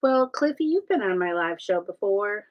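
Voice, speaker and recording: A woman hosts a relaxed live stream, talking to her viewers and greeting each one by name. Her pitch swoops up and down, with bright, sing-song exclamations between easy remarks. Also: moderate pace, dull audio. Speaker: live-stream host building brick sets. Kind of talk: casual live-stream chat.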